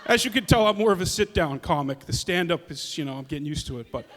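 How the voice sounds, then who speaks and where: A man's voice: a little high, lively intonation, fast, fairly bright tone, slight background noise. A man in his thirties doing a chatty, self-deprecating stand-up set on a small arts venue stage. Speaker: comedian. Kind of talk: stand-up comedy duo set. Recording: long hall reverb.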